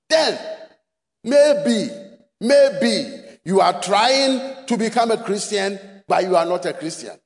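A Ghanaian man delivers a sermon in a strikingly high voice. He drives each point home with repeated rhetorical questions that swell into shouts. His words ring with the long reverb of a large hall. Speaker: preacher.

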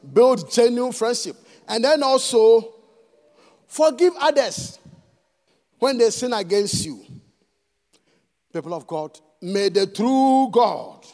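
A man's voice: high voice, darkish tone, big-room sound. A man with a Ghanaian accent preaching a sermon in a church, switching between English and Twi and prompting the congregation to answer. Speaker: pastor.

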